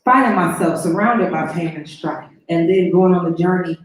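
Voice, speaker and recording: A woman's voice: on the low side, normal speed. A young adult woman, a musical guest, giving a rhythmic live spoken-word performance of repeated affirmations. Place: live event venue. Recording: very echoey live room with music.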